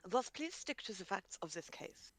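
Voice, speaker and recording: A woman's voice: medium pitch, sing-song, moderate pace, very noisy, natural voice. A woman voicing a young female prosecutor, stern, formal and clipped.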